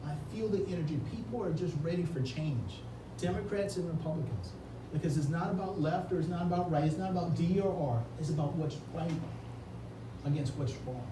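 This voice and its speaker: Earnest male candidate, tearful campaign speech, slightly high voice, heard from far off with ambient noise. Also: fairly quick. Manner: earnest, heartfelt, repeats words when moved. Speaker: political candidate. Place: indoor reception room. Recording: echoey room, distant mic, ambient noise.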